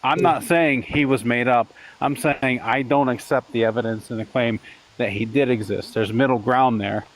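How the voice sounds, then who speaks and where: Man, debate panelist, blunt and emphatic, middle pitch. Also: fairly even intonation, moderate pace, slight background noise, low-quality recording. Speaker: debate participant. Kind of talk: live online debate.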